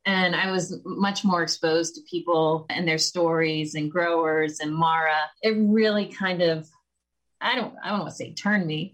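A woman's voice: on the low side, fairly bright tone, poor audio. A woman in her thirties, a guest in a conversational interview, chatty and self-deprecating, often quoting herself. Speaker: podcast guest, communications strategist.

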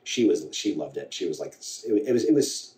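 A man with a very deep voice tells a personal story in a halting, restart-filled way. He sits back from the mic, and the room rings with echo. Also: sing-song, darkish tone. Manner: halting, full of restarts and quoted dialogue. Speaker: podcast guest. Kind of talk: candid storytelling conversation. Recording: echoey room, voice from a distance.

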